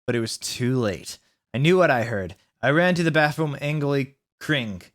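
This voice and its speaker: A man reading a bad story aloud for laughs, deadpan with mocking asides. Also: mid-range voice, normal speed. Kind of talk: comedic dramatic reading.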